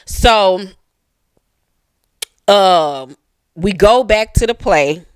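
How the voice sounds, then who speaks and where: Profane, animated show recap host. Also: mid-range voice, very slow, clean tone, dry recording. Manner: animated, profane, acts out characters in shifting voices. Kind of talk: casual comedic recap.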